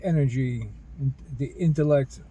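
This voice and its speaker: A man talking in a rambling personal monologue about spiritual ideas, earnest and halting, with many restarts. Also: medium pitch, warm tone, husky, rough recording. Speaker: spiritual video host.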